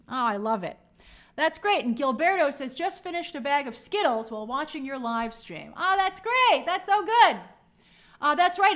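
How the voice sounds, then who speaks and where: Hosting from her New York home, the woman streams live, voicing viewers' comments and sending friendly shout-outs in a chatty, apologetic style. Her pitch is on the high side.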